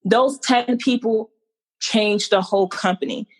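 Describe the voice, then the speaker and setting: A woman from New Jersey, a guest in an interview, telling her own story in a lively way and acting out the lines of the people in it. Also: unhurried, slightly rough. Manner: animated, acts out quoted dialogue with big pitch swings. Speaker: entrepreneur guest.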